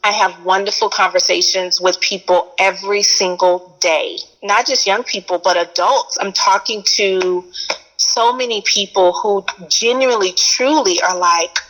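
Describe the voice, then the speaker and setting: A woman with a Texan accent talks in an earnest, emphatic way, repeating key phrases to drive a point home. Her voice sits at an ordinary middle pitch, and the tone is relaxed and conversational. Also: unhurried, low-quality recording. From Texas. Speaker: educator, guest. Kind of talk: casual conversation.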